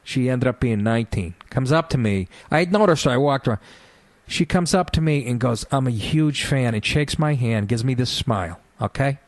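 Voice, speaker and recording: A middle-aged man tells loose, profane stories on a talk radio show and keeps breaking into laughter. His voice sits at an ordinary male pitch. The sound is close and dry, with no room echo. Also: animated, brisk. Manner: rambling, profane, laughing through his anecdotes. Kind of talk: casual storytelling on talk radio.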